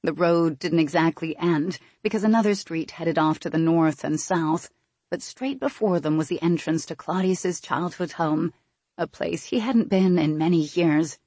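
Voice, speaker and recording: Husky low-voiced woman narrating a story. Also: normal speed, mellow, no room sound. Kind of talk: scripted audiobook narration.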